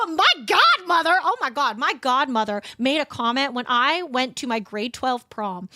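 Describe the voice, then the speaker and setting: A young woman with a bright, crisp voice sits close to a dry mic, set a little high for her. She rants to her stream in a profane, animated way, swearing freely as she tells her stories. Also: dry recording. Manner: profane, ranting, animated storytelling. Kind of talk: casual chat stream. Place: home streaming setup.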